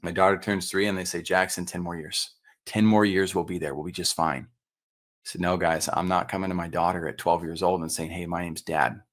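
Low-voiced man telling a story. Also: fairly quick. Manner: animated, acts out quoted dialogue, frequent fillers and restarts. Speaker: podcast guest, entrepreneur and consultant. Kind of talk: storytelling in a podcast interview.

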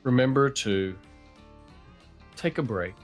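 A man's voice: mid-range voice, lively intonation, slow pace. A podcast co-host with a mid-range voice speaks in a playful, easygoing way. Faint music plays behind him as he talks. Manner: playful, joking asides. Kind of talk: casual podcast chat.

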